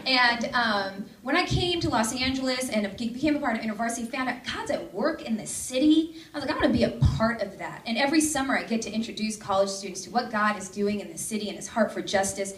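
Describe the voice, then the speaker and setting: A woman's voice: fairly high pitch, fast talker, few pauses, fairly bright tone. A woman in her thirties from the Seattle suburbs, giving a bubbly, joking conference talk as a campus ministry staff speaker, into a stage microphone before a large audience. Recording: echoey hall with crowd.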